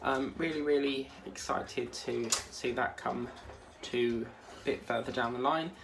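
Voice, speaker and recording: Guy chatting away while he crafts, rambles off topic, mid pitch voice. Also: fairly even intonation, unhurried, creaky, noisy background. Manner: rambling, chatty, easily sidetracked. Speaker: crafting vlogger. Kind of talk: casual chat while crafting.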